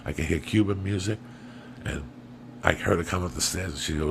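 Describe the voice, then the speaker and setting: A man's voice: low-pitched, a little fast, gravelly, slight background noise. A man, a comedian and podcast host, telling a long profane story in a rambling, loose way.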